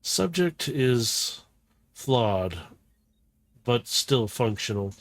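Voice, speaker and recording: A man voicing a cold, detached male robot scientist who mutters slow, deadpan observations at low volume. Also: no echo. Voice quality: quiet, deadpan.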